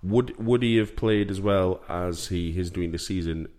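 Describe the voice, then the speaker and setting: A man's voice: deep voice, measured pace, a little mellow. A man with a Yorkshire accent hosting a podcast, telling rambling jokey stories in casual chat. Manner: jokey, rambling storyteller with frequent laughs. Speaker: podcast host.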